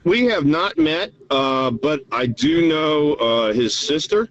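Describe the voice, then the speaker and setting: A man's voice: fairly high pitch, lively intonation, slow. A man, a guest telling a story in an easygoing drawl. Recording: dull lo-fi remote line.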